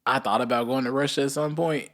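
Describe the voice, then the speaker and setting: A man co-hosting a casual podcast, telling a long story and acting out the people in it by jumping up into a higher voice. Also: quick pace. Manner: animated storyteller, acts out quotes in a higher voice. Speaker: podcast co-host.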